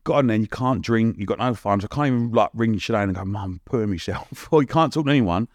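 A young man tells stories in a loose, chatty way, full of slang and laughter. His voice sits at a middle pitch, and the sound is close and dry, with no room around it. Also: lively intonation, fast, no room sound. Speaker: podcast guest. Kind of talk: casual storytelling.

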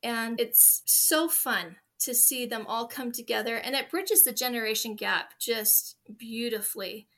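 An earnest woman in her forties talks warmly and sincerely as a podcast guest. Her voice sits a little high and rings bright. She speaks in a heartfelt, conversational way. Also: a little slow, hardly any pauses. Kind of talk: conversational interview.

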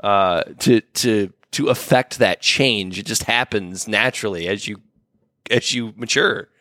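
A man's voice: lowish voice, unhurried, sharp tone, no echo, clean studio sound. Rambling, profane man in his thirties. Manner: rambling, many restarts and fillers; profane, laughs often. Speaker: podcast co-host. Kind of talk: casual chat.

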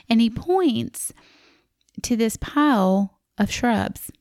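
A woman's voice: a little high, slow, long pauses, no echo. Chatty Southern woman, dry close sound. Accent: Southern American. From American South. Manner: chatty, animated, acts out quoted voices. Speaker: storyteller. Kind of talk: casual personal storytelling.

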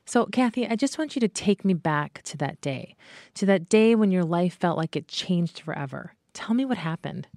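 Woman host, lowish voice, calm measured narration. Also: dry recording. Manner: calm, measured, guiding questions. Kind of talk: scripted narration and interview.

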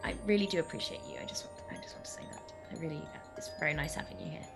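A woman's voice: low-pitched, rapid-fire, vocal fry, over music. A woman playing her character in a tabletop game, talking hesitantly and politely, with many fillers. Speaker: player. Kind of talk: in-character role-play chat.

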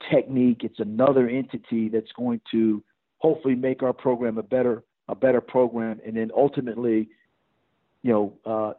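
A middle-aged man, a head football coach, talking in a rambling way full of restarts and fillers. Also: medium pitch. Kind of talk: podcast interview over phone. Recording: tinny phone line.

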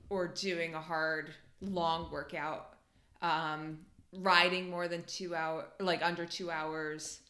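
A woman's voice: fairly low pitch, bright, forceful tone. A woman co-hosting a sports podcast, chatting casually and laughing easily, often trailing off and restarting. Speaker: podcast co-host. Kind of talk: casual chat. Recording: echoey room.

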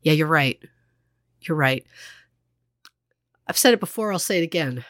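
A woman's voice: low-pitched, expressive, moderate pace, a bit bright, no echo. A woman co-hosting a casual true crime podcast, chatty, full of fillers and acted-out quotes, close to the mic. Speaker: podcast co-host.

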